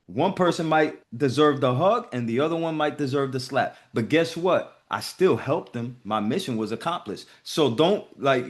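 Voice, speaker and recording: Man, motivational host, video call, profane, emphatic, fairly high pitch. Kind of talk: casual motivational talk.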